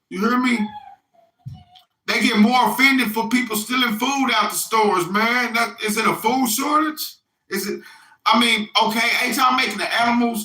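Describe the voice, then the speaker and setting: A man's voice: high voice, sharp tone, echoey room, poor audio. A middle-aged man giving a rambling, profane spiritual monologue that keeps checking in with "you hear me?". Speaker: self-styled religious messenger.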